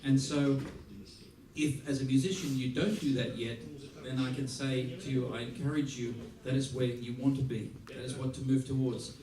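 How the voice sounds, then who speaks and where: A man from Australia giving a music masterclass, playful and lively, acting out little scenes as he teaches. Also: mid-range voice, normal speed, a crowd in the background. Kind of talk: masterclass talk. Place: large theater hall. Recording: roomy hall from a distance. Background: audience laughter.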